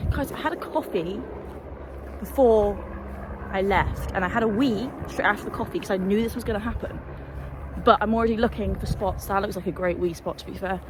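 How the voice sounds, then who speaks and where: A woman chatting casually and swearing freely as she vlogs a hill walk outdoors, holding the camera herself. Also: mid-range voice. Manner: chatty, sweary, self-deprecating. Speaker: hiking vlogger. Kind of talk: casual vlog chat while walking. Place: windy hillside outdoors. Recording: windy outdoor noise.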